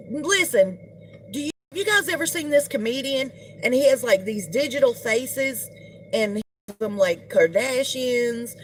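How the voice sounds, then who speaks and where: Lady doing a gossipy livestream, slow drawl, kinda high voice, chatty. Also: a little hiss or hum. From United States. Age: middle-aged. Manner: chatty, greets viewers, gossipy asides. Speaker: livestream host. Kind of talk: casual live-stream gossip chat.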